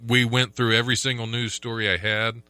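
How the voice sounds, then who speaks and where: A man's voice: medium pitch, little pitch movement, fairly quick, bright, forceful tone, smooth, no echo. A man hosting a casual podcast, reading odd news stories aloud, laughing often and tripping over names. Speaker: podcast host.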